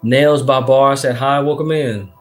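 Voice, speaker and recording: A man from Texas, casually chatting on a livestream as a tarot reader. He reads comments aloud, uses slang, swears freely and gives a lot of shout-outs. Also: mid-range voice, steady tone, a little slow, soft background music.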